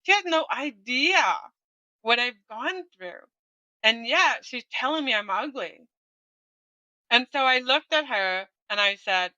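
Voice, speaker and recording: A woman's voice: fairly high pitch, unhurried, bright, forceful tone, smooth, dry recording, lo-fi sound. A middle-aged woman guest candidly telling her own story in conversation, often ending on a tag question. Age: 40s or older.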